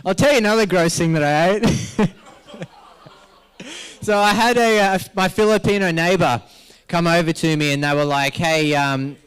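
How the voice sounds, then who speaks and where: Australian man, comic mc, higher voice, smooth clear tone, laughs through his stories. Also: moderate pace, pauses often, fairly bright tone. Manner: joking, rambling storyteller who laughs a lot. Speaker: MC at a health summit. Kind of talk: comic live-event hosting. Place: live event venue.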